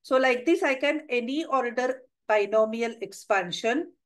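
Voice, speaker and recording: A woman's voice: a little high, a little slow, poor audio. A middle-aged woman with an Indian English accent, giving a webinar lecture and working through examples step by step. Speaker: webinar presenter on math history. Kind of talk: lecture with slides.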